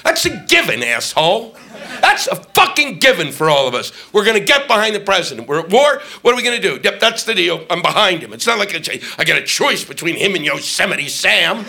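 A man doing a stand-up comedy routine on stage, ranting and profane, shouting his punchlines. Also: high-pitched, big pitch swings, brisk, gravelly. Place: comedy stage before a live audience. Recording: live club audio with ambient noise.

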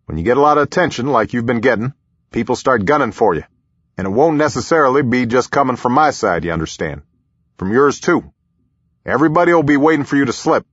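A man voicing a brisk, friendly older male president with a chummy, folksy manner, in a slightly muffled recording. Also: medium pitch, lively intonation, a bit bright, husky, no room sound, pitched above the performer's own voice. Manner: chummy, back-slapping, quick asides.

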